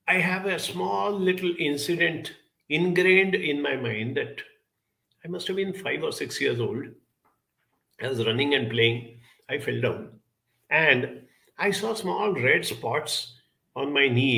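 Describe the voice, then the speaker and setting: Man, self-help talk, reflective storytelling, bright tone, gravelly edge. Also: medium pitch, low-quality recording. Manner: storytelling, quoting others in lively voices; unhurried, spoken as if to listeners.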